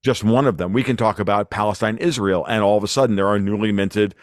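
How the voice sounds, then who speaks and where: A man's voice: on the low side, steady tone, fast, dry recording, studio quality. A man from New York hosting a podcast, talking in casual chat and agreeing emphatically. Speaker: podcast host.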